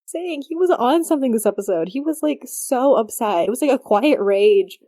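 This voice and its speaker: A woman with a fairly high but mellow, dark-toned voice, chatting casually as a podcast co-host. She laughs often and strings her thoughts together with many fillers. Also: expressive, moderate pace. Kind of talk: casual fan podcast chat.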